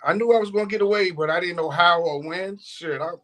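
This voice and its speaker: High-voiced man telling profane, laughing stories. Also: quick pace. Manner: profane, laughing often, animated quoting. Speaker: streamer. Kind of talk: casual storytelling chat.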